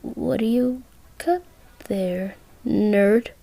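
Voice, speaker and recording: A whiny, dismissive teenage girl bully, as a woman plays her. She sneers at everyone she talks to. Her tone is dark and a little gravelly. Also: on the high side, very slow, heavily acted. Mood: sneering.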